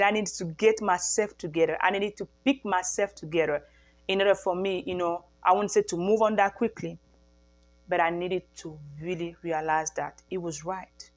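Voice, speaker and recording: A woman speaking to camera in an earnest personal testimony as a mother, repeating her phrases for emphasis and often restarting her sentences. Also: fairly low pitch. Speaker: mother sharing a faith-based healing message.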